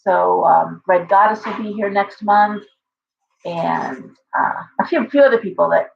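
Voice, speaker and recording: A woman talks on a casual live stream in a rambling storyteller's way, often breaking off and restarting her sentences. Her voice has a gravelly fry to it, and the stream audio sounds dull and lo-fi. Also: medium pitch, a little slow, slight background noise. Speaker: shop owner hosting a live stream. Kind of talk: casual livestream chat.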